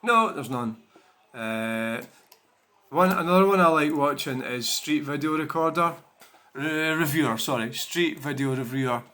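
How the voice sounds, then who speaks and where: A man's voice: on the high side, unhurried, bright, forceful tone. A man chatting casually to his viewers, rambling with many fillers and restarts. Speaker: channel host. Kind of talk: casual chat to camera.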